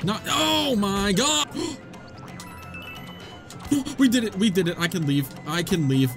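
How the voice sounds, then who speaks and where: A young man giving comedic, excitable commentary while playing a video game, laughing often, with game music behind him. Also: high-pitched, takes it slowly. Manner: joking, excitable, frequent laughter. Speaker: gaming YouTuber. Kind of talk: comedic let's-play commentary.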